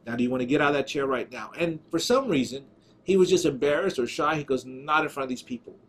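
A man's voice: fairly high pitch, lively intonation, fast, breathy edge. A man hosting a preaching show, telling healing stories with fervor and acting out the dialogue, recorded in a studio. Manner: storytelling, fervent, acts out dialogue. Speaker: evangelist show host. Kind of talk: testimony-style preaching broadcast.

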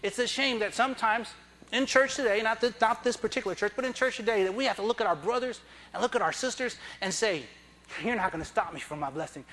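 Preacher guy in church, high voice, real bright, gets loud and fired up. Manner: impassioned, rising to loud emphatic peaks; acts out biblical figures in dramatic dialogue. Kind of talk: sermon.

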